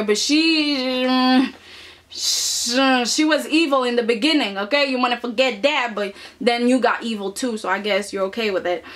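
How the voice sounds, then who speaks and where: A woman's voice: fairly high pitch, moderate pace, a bit bright. A woman casually recapping a soap opera episode, sassy and chatty, with mock voices for the characters.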